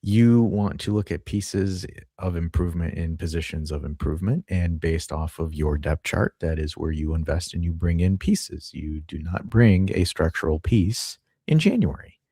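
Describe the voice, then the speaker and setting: A man with a very deep, husky voice co-hosts a casual live stream. He talks in a blunt, lecturing way and swears freely. The sound is dry and close. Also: moderate pace, few pauses, warm tone, dry recording. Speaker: co-host.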